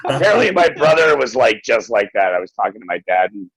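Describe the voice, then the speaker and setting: A man's voice: medium pitch, big pitch swings, fast talker, a bit bright, breathy edge, no room sound, rough recording. A young adult man, a podcast co-host, telling laid-back stories at home and swearing freely. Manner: doing his toddler's voice in anecdotes. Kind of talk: casual chat.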